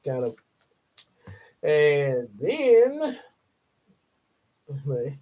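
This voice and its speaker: Man, slow rambling livestream chat, slightly high voice, dull lo-fi sound. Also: huge pitch swings. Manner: rambling, chuckles often, many fillers. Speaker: livestream host. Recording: dull lo-fi stream audio.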